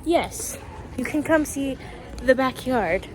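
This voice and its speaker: A bright, slightly high-pitched woman chatting straight into her handheld phone as she wanders through shops and busy streets. She is playful and excitable and swears casually, with music playing underneath. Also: slow pace. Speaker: vlogger. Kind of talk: casual vlog chatter to camera. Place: stores, streets and a theme-park district.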